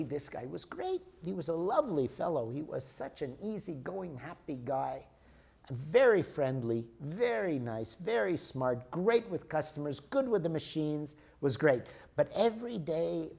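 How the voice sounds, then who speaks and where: A man's voice: a little high, darkish tone. A man giving a lecture, telling stories from his business life and often checking that listeners follow. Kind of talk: teaching a lecture with personal stories.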